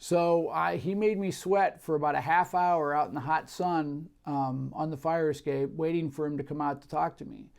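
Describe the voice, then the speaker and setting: Middle-aged guy, bit of fry in the voice, chatting about his career, lots of uhs and restarts. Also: on the high side, normal speed, hardly any pauses. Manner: relaxed, many fillers and restarts. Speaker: marketing director. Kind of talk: interview, career story.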